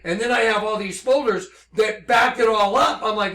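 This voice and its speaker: A man giving an impassioned religious monologue, intense and excitable, reading scripture slowly and emphatically, then telling his story at a rush. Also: high-pitched, reverberant. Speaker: religious speaker.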